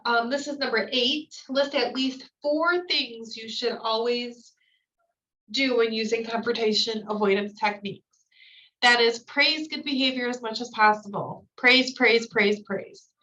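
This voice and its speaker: A woman's voice: on the high side, fairly even intonation, measured pace, bright, forceful tone. A woman giving a recorded staff training lecture, reading points from slides and then explaining them in casual, filler-laden asides. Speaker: new-hire trainer. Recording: distant mic, dull lo-fi sound.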